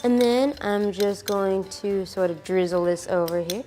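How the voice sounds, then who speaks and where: A woman's voice: mid-range voice, a little slow, warm tone, faint music behind. A woman hosting a casual cooking demonstration, chatty and peppering her talk with "like". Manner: chatty, fills with "like". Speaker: cooking show host.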